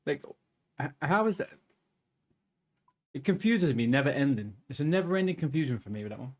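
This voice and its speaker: Male game streamer, slightly high voice, playful, chatty. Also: lively intonation, fairly quick, long pauses. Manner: chatty, reads chat and game text aloud, playful. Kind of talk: casual gaming stream chat.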